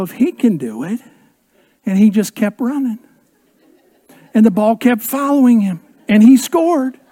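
A preacher tells a funny story during his sermon, animated and chuckling as he goes, then drops his voice low and quiet for the serious points.

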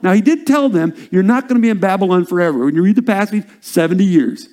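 An older man preaching a sermon as a pastor, swinging from loud, stressed phrases down to hushed whispers. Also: sits high, lively intonation, fast, hardly any pauses.

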